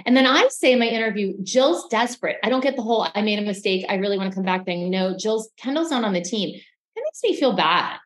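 A woman co-hosting a casual recap podcast, telling stories in a lively way and acting out what others said. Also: mid-range voice, fast talker, reverberant, low-quality recording. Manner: animated storytelling, acting out quotes. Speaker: podcast co-host.

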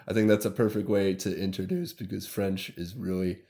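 A man's voice: sits low, steady tone, fairly quick, mellow. A male podcast host who reads a scripted intro, then chats casually and laughs along readily.

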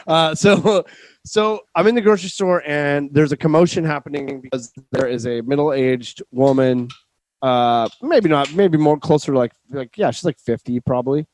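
A man with a fairly high voice tells a story in a loose podcast chat. He jumps between restarts, swears freely and gets more and more worked up. The recording is dry and close. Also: no echo. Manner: animated, swearing, quick restarts. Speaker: podcast host. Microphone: remote call setup.

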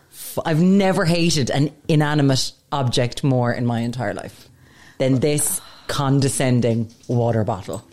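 A woman's voice: rumbling low, measured pace, darkish tone. A woman co-hosting a podcast in casual chat, ranting with swearing and self-mockery. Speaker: podcast co-host.

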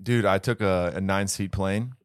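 A young man co-hosting a podcast, throwing in quick wisecracks. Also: low voice, steady tone, no room sound, studio quality. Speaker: podcast co-host. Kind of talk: joking casual chat.

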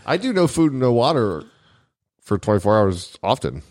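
A man's voice: mid-range voice, big pitch swings, normal speed, darkish tone, dry recording, clean studio sound. A man co-hosting a podcast in casual chat, making crude jokes and laughing often, recorded in a home garage. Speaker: podcast co-host.

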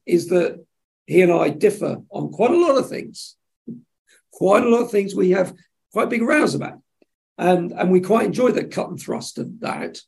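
A man, a television executive, telling lively anecdotes in an interview and acting out the dialogue. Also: high-pitched, creaky. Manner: animated storyteller acting out dialogue. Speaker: television executive, podcast guest.

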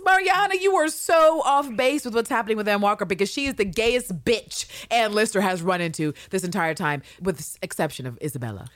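A woman co-hosting a podcast in a casual recap chat, animated and profane, acting out characters' lines. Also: mid-range voice, fairly quick, hardly any pauses, no room sound, clean studio sound. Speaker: podcast co-host.

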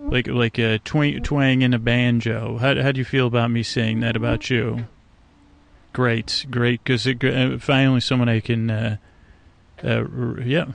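A man's voice: medium pitch, level tone, unhurried, creaky. A man hosting a sleep podcast, rambling and hesitant while improvising a monologue to the frogs outdoors by a swamp at night. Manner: meandering, hesitant, full of restarts and fillers, talks to frogs.

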